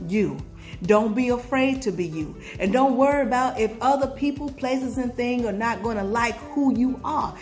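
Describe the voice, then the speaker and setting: A motivational vlogger from Georgia, USA, delivers a preachy pep talk in a Southern accent, firing call-and-response questions at viewers and singing snippets. Her voice is on the high side with a darkish tone at normal speed, over soft background music.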